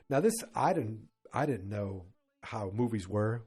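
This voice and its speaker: A man hosting a podcast, casually retelling an old sitcom episode in a rambling, animated way and quoting the characters. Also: fairly low pitch, husky, soft background music. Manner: rambling, animated retelling with quick quoted voices. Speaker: podcast host.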